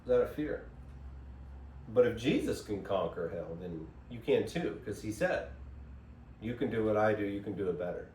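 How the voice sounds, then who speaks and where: A man's voice: fairly low pitch, lively intonation, moderate pace, dark tone. A man hosting a casual spiritual monologue, rambling and digressive, recorded on a phone. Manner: rambling, digressive, self-interrupting. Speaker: host. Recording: echoey room, voice from far off, faint hiss.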